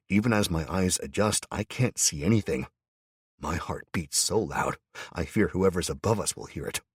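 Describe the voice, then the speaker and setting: A man's voice: very deep voice, husky, no room sound, clean studio sound. A middle-aged man narrating an audiobook in first person with tense, dramatic storytelling.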